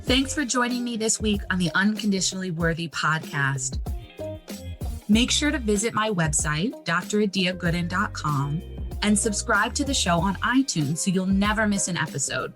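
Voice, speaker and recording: A woman hosting a podcast, speaking gently and earnestly in a reflective monologue that encourages the listener. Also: medium pitch, animated, moderate pace, soft background music. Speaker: podcast host, psychologist.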